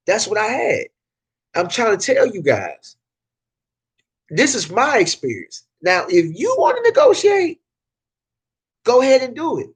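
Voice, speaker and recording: A man with a Southern accent speaks casually to his viewers in a slightly higher-than-usual voice. He repeats phrases for emphasis and often restarts mid-sentence, sharing hard-won business lessons. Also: slightly rough. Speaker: car detailing business owner. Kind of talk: casual advice talk to camera.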